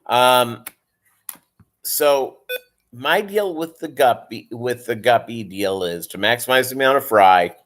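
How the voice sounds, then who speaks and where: A man's voice: mid-range voice, lively intonation, takes it slowly, a bit bright. A man who breeds fish, chatting casually and rambling on his live stream and calling viewers "gang".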